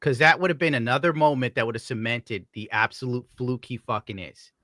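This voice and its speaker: A man's voice: medium pitch, brisk, sharp tone, no echo, clean studio sound. A man hosting a live stream, talking in casual, sardonic, profane banter. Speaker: streamer host.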